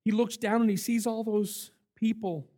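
Older man, camp director, sermon, high-pitched, animated storyteller, emphatic. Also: moderate pace. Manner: animated, emphatic storyteller who acts out quotes.

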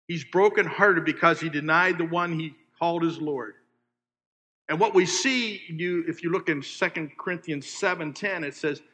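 A man preaching a sermon, asking his listeners questions and swinging between loud emphasis and hushed asides. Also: fairly high pitch. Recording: long hall reverb.

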